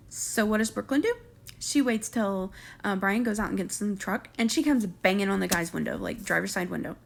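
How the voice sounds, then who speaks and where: A woman's voice: medium pitch, normal speed, vocal fry. A woman, casually recapping a reality show, chatty and sarcastic, acting out what people said. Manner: chatty, sarcastic, acts out quotes.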